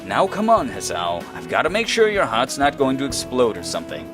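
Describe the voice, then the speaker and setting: A man's voice: mid-range voice, huge pitch swings, brisk, music in the background. A man doing a dry, laid-back male school nurse. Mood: wry. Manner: dry, unbothered drawl.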